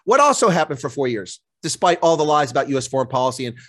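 A man's voice: mid-range voice, sing-song, fast, few pauses, fairly bright tone, no echo. Indignant man arguing politics. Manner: indignant, impassioned, emphatic. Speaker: guest commentator. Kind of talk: political interview.

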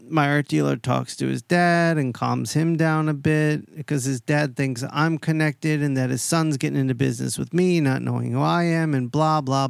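A man hosting a podcast, telling a long story in a casual, animated way, heavy on swearing and quoted voices. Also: a little high, gravelly, clear, resonant tone, no echo, studio quality. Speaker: podcast host.

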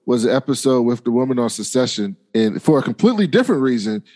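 A man's voice: medium pitch, very animated, fast talker, mellow. Laid-back man hosting a video-call chat. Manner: laid-back, profane, laughs often. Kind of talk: casual chat recapping a TV episode.

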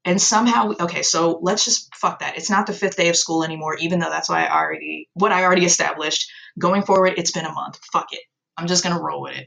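Young adult woman, sarcastic casual recap, swears a lot, crisp bright tone, gravelly fry. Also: fairly low pitch, fairly even intonation, fast talker, low-quality recording. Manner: sarcastic, swears freely, exasperated asides. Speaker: video host recapping a story. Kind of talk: casual commentary.

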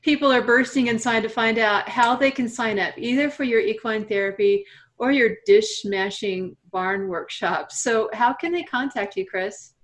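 A woman's voice: on the high side, normal speed, fairly bright tone. A woman hosting an interview, encouraging and affirming her guest in casual conversation. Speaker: interviewer host.

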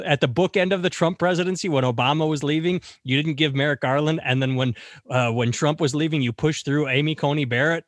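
A man's voice: fairly quick, dry recording, clean studio sound. Sarcastic man hosting comedic news chat. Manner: sarcastic, swings high when mocking. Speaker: podcast co-host. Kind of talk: casual comedic news banter.

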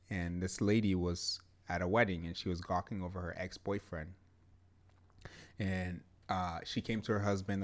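A young man with a fairly low voice co-hosts a relaxed podcast conversation. He talks emphatically and circles back on his points, stacking up "yeah"s as he goes. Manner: emphatic, repeats "yeah" and "to be honest". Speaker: podcast co-host. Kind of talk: casual chat.

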